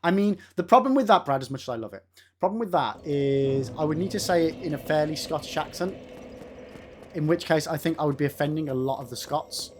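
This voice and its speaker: Animated English streamer, teasing and swearing. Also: male voice, a little high, brisk, a little hiss or hum. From England. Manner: teasing, swearing, sudden outbursts at the game. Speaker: gaming streamer. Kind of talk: live gameplay commentary with chat banter.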